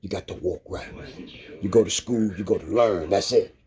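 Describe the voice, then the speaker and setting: A man's voice: deep voice, normal speed, a little mellow, breathy edge. A middle-aged man speaking in a profane, impassioned monologue, preaching to viewers in street slang and tagging lines with "man" and "you dig". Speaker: vlogger.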